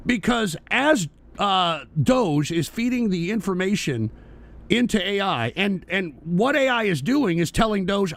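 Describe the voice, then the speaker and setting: A man's voice: high voice, expressive, moderate pace, a bit bright. A male talk radio host ranting about politics, profane, heated and emphatic.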